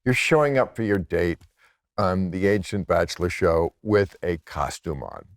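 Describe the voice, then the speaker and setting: A sardonic American man in his sixties with a fairly low voice. He chats casually and mocks what he describes, swearing freely and laughing between remarks. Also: animated, moderate pace. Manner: sardonic, profane, laughing asides. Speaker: podcast guest, comedian. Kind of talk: casual chat.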